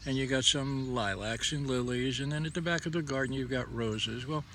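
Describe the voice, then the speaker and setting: A middle-aged man talks in a folksy, rambling way about faith, stumbling over his words and restarting. His voice is bright and forward, pitched in an ordinary middle range. A faint hum of outdoor ambience sits behind him. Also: normal speed. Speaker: host. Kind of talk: casual devotional talk. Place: outdoors under a tree.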